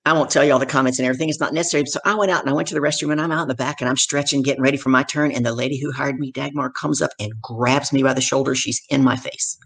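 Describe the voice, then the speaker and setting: A middle-aged woman, a professional speaker and guest, telling stories from her career in animated conversation and acting out the people in them. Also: rumbling low, racing, hardly any pauses, husky. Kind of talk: conversational storytelling.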